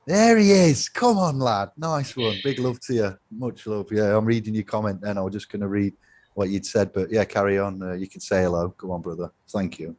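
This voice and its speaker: A man's voice: on the low side, a little fast, darkish tone, slight background noise. A man hosting a live stream, chatting casually and joking with his guests. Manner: jokey, laughing, bantering. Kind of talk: casual chat.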